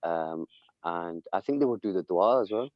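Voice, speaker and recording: A student recounting something in class, hesitant and loose, pausing with fillers. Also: male voice, sits low, expressive, no echo, muffled recording. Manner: loose and hesitant, fills pauses with like and uh. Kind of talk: casual chat in class.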